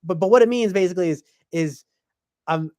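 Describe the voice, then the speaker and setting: A man's voice: high-pitched, fairly quick, a little mellow, no echo. A man hosting a podcast, talking in a casual, rambling way with lots of fillers and restarts. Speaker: podcast host.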